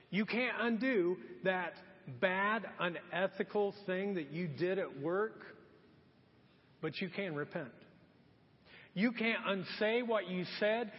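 A middle-aged male pastor preaching a sermon, telling a funny personal story with lively energy, then dropping to quiet, earnest appeals. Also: high voice. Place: church sanctuary. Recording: muffled echoey church hall.

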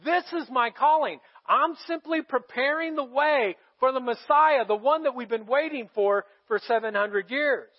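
A man's voice: very high-pitched, moderate pace, hardly any pauses, highs cut off. A man pastor voicing a humble, eager male prophet in quoted lines of his sermon. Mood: earnest.

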